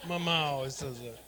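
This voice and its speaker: Brash stand-up comic working a crowd. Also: male voice, a little high, poor audio. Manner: brash, crude, loud crowd banter. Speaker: stand-up comedian and emcee. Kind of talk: stand-up comedy with crowd work. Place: comedy club stage.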